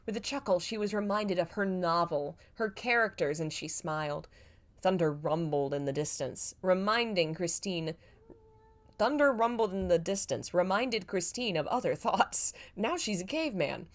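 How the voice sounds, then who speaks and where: Woman host, lower voice, reads her old story with wry asides. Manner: self-mocking, laughs at her own writing. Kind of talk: live reading with joking asides.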